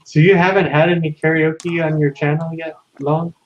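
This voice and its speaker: A man's voice: on the high side, level tone, normal speed. A man chatting casually on a live stream, laughing often. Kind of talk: casual chat. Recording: muffled with faint hiss.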